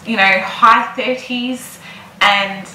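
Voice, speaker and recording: A woman's voice: on the high side, fairly even intonation, slow pace, pushed and bright, reverberant, slight background noise, low-quality recording. A heavily pregnant young woman chatting casually in a vlog, repeating words for emphasis. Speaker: vlogger.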